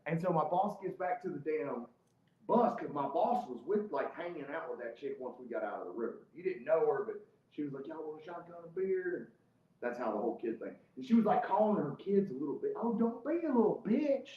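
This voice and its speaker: A man's voice: on the high side, expressive, fairly quick. A man telling a heated, profane story as a guest in casual podcast chat. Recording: roomy, slightly dull podcast audio.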